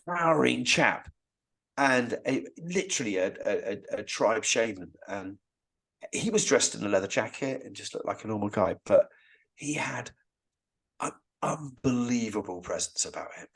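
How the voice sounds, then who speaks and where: Husky low-voiced man telling stories. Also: lively intonation, normal speed, a bit bright. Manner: rambling, restarts sentences, enthusiastic. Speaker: Stonehenge guide and podcast guest. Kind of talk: casual storytelling interview.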